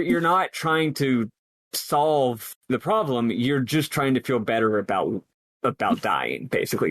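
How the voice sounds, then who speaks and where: Recorded dry, a man with a mid-range voice co-hosts a podcast about a game. He talks earnestly and analytically for a long stretch, rambling as he thinks aloud and frequently starting his sentences over.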